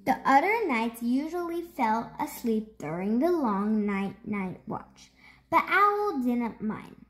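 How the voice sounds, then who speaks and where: A woman hosting a storytime, reading a children's picture book aloud in an expressive, slow storytelling manner. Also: fairly high pitch. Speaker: storytime host.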